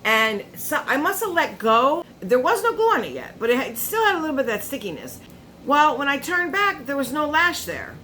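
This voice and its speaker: A woman beauty vlogger chatting casually at her makeup table while unboxing products, telling stories with animated asides to her viewers. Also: sits high, normal speed, a little hiss or hum.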